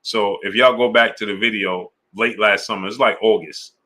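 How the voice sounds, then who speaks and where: A man hosting a sports live stream, chatting casually in slang and shouting out viewers by name. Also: on the low side, steady tone, moderate pace. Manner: laid-back, slang-heavy, shouting out viewers. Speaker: sports channel host. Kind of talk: casual live-stream chat reading super chats.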